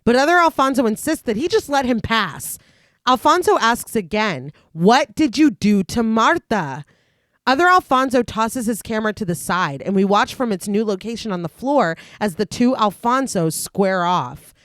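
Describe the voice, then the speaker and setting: Woman podcast co-host, animated recap delivery, dry close mic. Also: on the high side, normal speed, no echo. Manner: recaps plot in long lively read-through, laughs often. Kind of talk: casual chat and plot narration.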